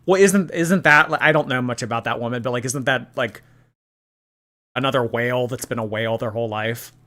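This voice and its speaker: A woman's voice: a bass voice, brisk, fairly bright tone. A woman hosting a livestream, chatting sarcastically and reading viewer messages aloud, with a light lilt. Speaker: host. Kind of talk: casual livestream commentary.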